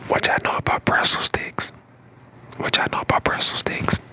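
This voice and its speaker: A man in his twenties from St. Louis, whispering casual chat to viewers on an ASMR live stream, hoarse from a lost voice. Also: normal speed, pushed and bright. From St. Louis, Missouri. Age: 20s. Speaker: ASMR creator.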